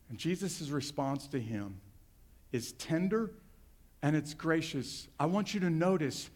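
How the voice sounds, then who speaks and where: High-voiced man preaching a sermon. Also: expressive, unhurried, darkish tone. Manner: conversational, direct, talks to the congregation. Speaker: pastor.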